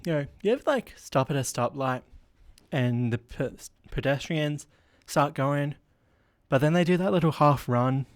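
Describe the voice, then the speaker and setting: A man's voice: a little high, normal speed, no room sound, lightly acted. A man putting on a brash Aussie bro comic. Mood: cocky. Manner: brash, blokey banter full of mate and bro. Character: crass, cocky young male bloke stand-up comic.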